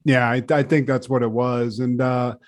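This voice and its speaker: A man co-hosting a podcast in casual comedic chat, crude and animated, often acting out quoted voices. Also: medium pitch, moderate pace. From Southern California. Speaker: podcast co-host.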